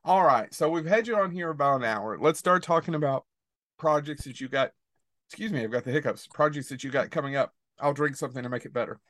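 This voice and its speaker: A man hosting a podcast, asking his guest questions in a relaxed, friendly way. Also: a little high, fast talker, few pauses, dry recording, clean studio sound. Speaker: podcast host. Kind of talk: casual podcast chat.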